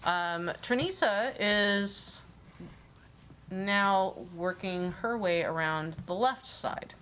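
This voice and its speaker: A woman running a tabletop game as game master, narrating in a relaxed, chatty way with plenty of fillers. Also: low-pitched, noisy background.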